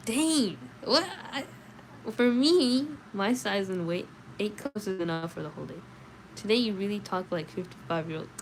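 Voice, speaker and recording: In a late-night session, a woman with a medium-pitched voice reads a novel aloud and chats casually between passages. She sounds sleepy and chatty, responds to chat comments, and the low-quality recording has slight background noise.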